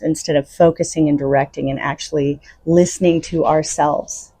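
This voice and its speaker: A woman's voice: sits low, creaky, mellow, slightly rough, dry recording. A woman hosting her own podcast, giving unscripted spiritual self-help talk in an earnest, coaching way. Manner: earnest, coaching, laughs between thoughts. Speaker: podcast host.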